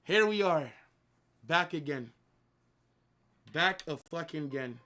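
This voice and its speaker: A man's voice: fairly high pitch, expressive, takes it slowly, pushed and bright. A young man hosting a live football watch-along, ranting and swearing in frustration. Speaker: livestream host.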